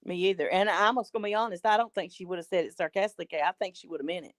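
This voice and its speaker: A woman calls in to a talk show and chats casually. She rambles and tacks loose fillers onto the ends of her sentences. Her voice sits low for a woman, and the sound is dry. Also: very fast, no room sound. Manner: rambling, trails off with "kind of thing and stuff". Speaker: regular caller. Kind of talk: casual chat.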